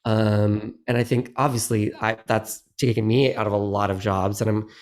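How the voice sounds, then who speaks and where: A man's voice: fairly low pitch, steady tone, normal speed, darkish tone. A middle-aged man chatting as a guest in a podcast interview, meandering and self-deprecating. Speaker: guest actor. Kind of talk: casual interview chat.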